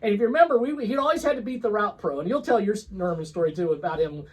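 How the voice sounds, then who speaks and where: A man's voice: high-pitched, fast, darkish tone, husky, low-quality recording. A man co-hosting a casual vlog chat, telling work stories with lots of ums and restarts. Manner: rambling, many fillers and restarts. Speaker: co-host.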